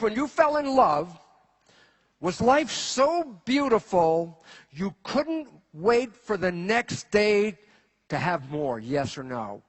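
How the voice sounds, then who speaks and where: Lecturing in front of an audience, a man with a rather high, slightly husky voice speaks animatedly. He fires rhetorical questions at the crowd and builds toward each point.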